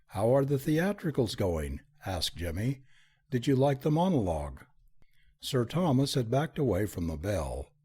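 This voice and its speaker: A man reading a story aloud as an audiobook narrator, giving the dialogue an expressive, lively delivery. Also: medium pitch, husky. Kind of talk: scripted narration.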